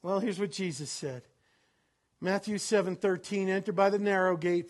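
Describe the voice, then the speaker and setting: A male pastor preaches a sermon to his congregation, swinging between loud, laughing bursts and low, solemn readings of scripture.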